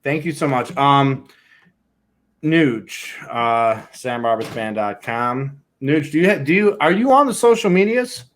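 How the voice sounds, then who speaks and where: A man's voice: mid-range voice, lively intonation, measured pace, fairly bright tone. A man hosting a casual interview, laid-back, cutting in with short reactions and casual swearing. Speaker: interview host.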